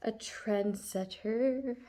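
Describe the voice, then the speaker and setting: A woman's voice: on the high side, mellow. A woman giving a casual, chatty tarot reading, laughing often and full of fillers. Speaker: tarot reader.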